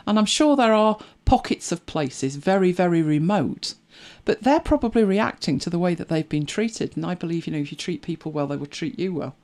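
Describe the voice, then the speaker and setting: A middle-aged English speaker chatting in an easy, reflective way, breaking into small laughs and side comments. The voice sits at a middling pitch and keeps a conversational flow. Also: animated, a little fast, hardly any pauses, darkish tone. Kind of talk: casual chat.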